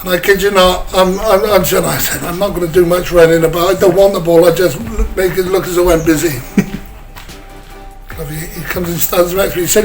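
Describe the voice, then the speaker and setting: A man's voice: high voice, steady tone, moderate pace, soft background music, rough recording. An older English man, a former footballer, telling chatty anecdotes in an interview and slipping into other people's voices. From England. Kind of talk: casual storytelling interview.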